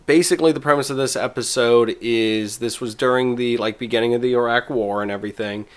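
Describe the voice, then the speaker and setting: A man's voice: mid-range voice, steady tone, fairly quick. A man in casual chat, rambling through an episode recap with restarts and quoted bits.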